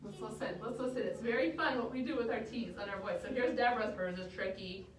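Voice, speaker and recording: A woman with a high voice teaches children music, cheering them on as she chants rhythm syllables. She sounds far from the mic in an echoey room with clear background noise. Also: quick pace.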